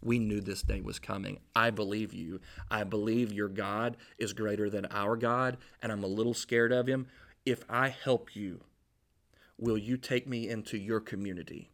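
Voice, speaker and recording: A man voicing Rahab, a frightened woman asking for protection, in a low earnest tone inside a sermon story. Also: fairly even intonation, normal speed, fairly bright tone. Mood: earnest plea. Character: Rahab, a frightened woman innkeeper pleading for safety.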